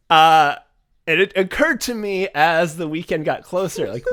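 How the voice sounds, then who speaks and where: A man co-hosting a comedy podcast, telling a story in casual chat, animated and often breaking into laughter. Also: on the high side, normal speed. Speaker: podcast co-host.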